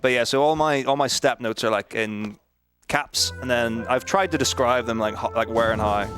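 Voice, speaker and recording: A man's voice: medium pitch, moderate pace, a bit bright. A man teasing and explaining route notes as a commentator on a live speedrun stream. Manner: playful, laughing, teasing. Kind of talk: casual live-stream banter. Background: game music.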